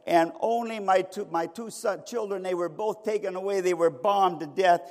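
A man's voice: high-pitched, moderate pace, darkish tone, voice pushed up. A man voicing a grieving husband who lost his family in war, speaking in a pleading, despairing way. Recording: reverberant hall.

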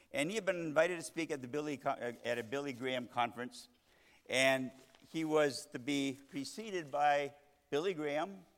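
A man preaching a sermon, swinging between loud emphatic lines and hushed soft ones. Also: mid-range voice. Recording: long reverb of a large hall.

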